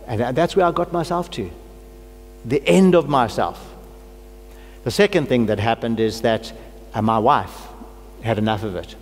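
A middle-aged man preaching with earnest conviction, his voice climbing into fervent prayer. He has a cold, and his words ring out in a long-echoing hall with a faint hum behind him. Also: lowish voice. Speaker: pastor. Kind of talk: sermon.

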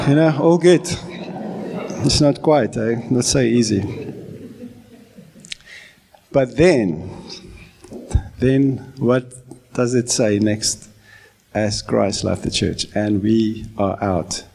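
A man's voice: mid-range voice, takes it slowly, creaky, dark tone, slightly rough. A man in his forties from South Africa with an Afrikaans accent, preaching a sermon in a conversational, self-deprecating way with false starts. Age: 40s. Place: church.

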